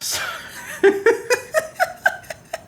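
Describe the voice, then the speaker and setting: A brash, swearing young superhero rambles through a comedy podcast rant, as a man puts him on. The voice sits a touch high and leaps around with lively swings, firing one rhetorical question after another in a shaky put-on accent that keeps drifting. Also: normal speed. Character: brash profane young male superhero, ranting.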